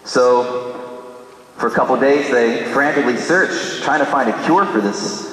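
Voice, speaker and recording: Priest preaching in an echoey church. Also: male voice, medium pitch, unhurried, a bit bright. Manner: dramatic storyteller acting out dialogue. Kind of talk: sermon storytelling. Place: large church.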